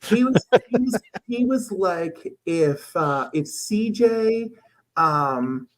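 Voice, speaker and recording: A man's voice: high voice, expressive, slow, poor audio. A man telling crude rambling stories in a casual panel chat. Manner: crude, rambling storyteller, loud acted outbursts.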